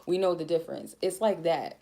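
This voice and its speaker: Chill woman doing a tarot reading, dark mellow voice, swears a lot, real laid back. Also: low-pitched, lively intonation, brisk, vocal fry. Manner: blunt, profane, mellow and chill. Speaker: tarot reader. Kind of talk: casual spiritual reading monologue.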